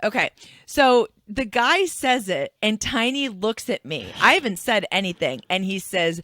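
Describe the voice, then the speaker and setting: Brief: woman from Pennsylvania, podcast co-host, self-deprecating storyteller, bright, dry close sound. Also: mid-range voice, lively intonation, measured pace, no echo. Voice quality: odd vowel sounds on some words. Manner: chatty, self-deprecating storyteller who laughs often. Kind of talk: casual podcast chat.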